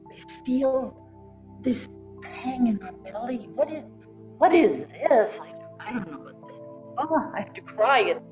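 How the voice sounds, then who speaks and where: Newborn baby, wondering and quick to fuss, soft breathy halting talk, put on by a woman, slow pace. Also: on the high side, animated, music in the background. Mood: distressed, crying. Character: newborn baby, wondering, easily upset and soothed. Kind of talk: guided meditation role-play.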